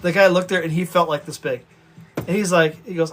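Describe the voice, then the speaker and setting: Fast-talking, high-voiced man telling stories. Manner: animated, rambling, with many restarts. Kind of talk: casual storytelling to viewers.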